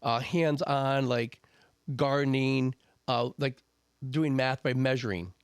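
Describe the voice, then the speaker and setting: A man of middle pitch speaks as a guest on a casual podcast. He is earnest and emphatic, often repeating himself to drive a point home. The recording is dry and close, with no room sound. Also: takes it slowly, clean tone, no room sound. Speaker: podcast guest, soccer coach and homeschooling father. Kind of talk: casual chat.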